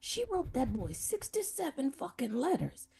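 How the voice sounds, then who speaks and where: A woman's voice: high-pitched, moderate pace, creaky, a little hiss or hum. A woman, probably in her fifties, hosting a casual chat and telling blunt, profane family stories. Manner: profane, blunt, animated storytelling with mocking voices. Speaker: podcast host.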